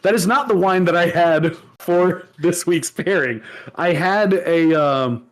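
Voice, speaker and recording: Male podcast co-host with a slightly high voice who rambles through casual chat and laughs often. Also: measured pace.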